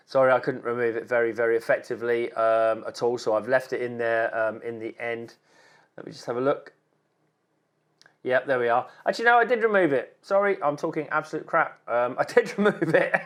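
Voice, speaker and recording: A man, a wildlife photographer giving chatty, encouraging critiques of viewers' photos with many ums and repeated words. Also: mid-range voice. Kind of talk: casual on-screen photo critique.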